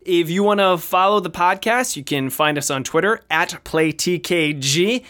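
A man hosting a podcast in casual, joking chat. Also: sits high. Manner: animated, joking, quick asides. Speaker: podcast host.

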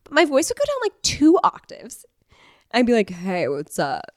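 A woman's voice: sits high, wildly swooping pitch, normal speed, dry recording, clean studio sound. A woman in her thirties co-hosting a chat podcast, rambling and giggly as she tells stories and reads old diary entries aloud. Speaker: podcast co-host.

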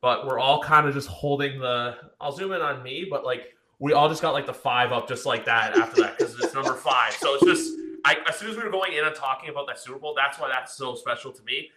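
A young man hosting a casual sports podcast, telling stories in an excited, rambling way. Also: medium pitch, fairly quick, roomy sound. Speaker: podcast host.

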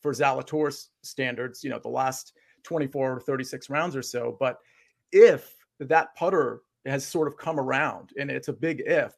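A man talking in a casual podcast, giving measured, hedged analysis with fillers. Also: medium pitch, creaky. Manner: measured, hedging, uses filler like "I mean". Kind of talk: casual sports podcast chat.

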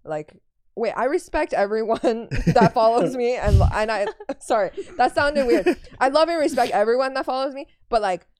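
A woman's voice: a little high, animated, moderate pace, darkish tone, dry recording, studio quality. A woman comedian guest on a podcast, chatting casually in a rambling, self-correcting way.

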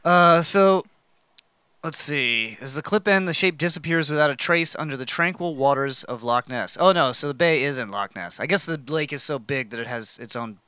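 Bright-voiced man in casual podcast banter. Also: fairly high pitch, moderate pace, clear, resonant tone, no room sound. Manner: laid-back, joking, reads articles aloud with asides. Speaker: podcast co-host reading a news story. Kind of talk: casual chat.

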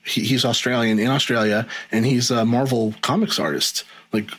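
A middle-aged man chatting as a podcast guest, his voice a bit husky and grainy. He rambles along at an ordinary pitch, full of ums and false starts. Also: fairly even intonation, moderate pace, a bit bright, poor audio. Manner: rambling, many ums and restarts. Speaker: guest, video editor. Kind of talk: casual podcast conversation.

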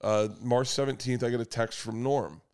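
Loud swearing comedian man. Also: normal speed. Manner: swearing, bursts into loud high laughter. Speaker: comedian guest. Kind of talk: casual podcast storytelling.

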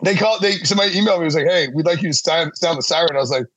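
A man's voice: fairly high pitch, rapid-fire, fairly bright tone, dry recording. A man appearing as a guest sportswriter in casual podcast chat, rambling and self-deprecating, with frequent laughs.

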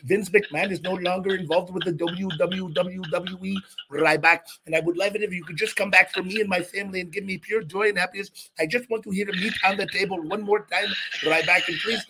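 A man's voice: high voice, steady tone, brisk, gravelly, hardly any pauses, heavy background noise, voice pushed up. A man voicing a whiny, pleading adult male fan who begs in a sing-song way.

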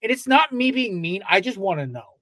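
A man's voice: high voice, sing-song, fairly quick, a bit bright, no room sound. A man co-hosting a casual sports podcast, ranting in a fired-up way with heavy swearing. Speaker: podcast co-host.

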